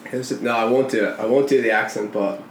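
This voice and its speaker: A man's voice: on the low side, fairly even intonation, fast talker. A young man from Ireland, a runner answering interview questions in a casual, hesitant way with many restarts. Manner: hesitant, full of restarts and fillers. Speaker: guest, runner. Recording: roomy echo, faint noise.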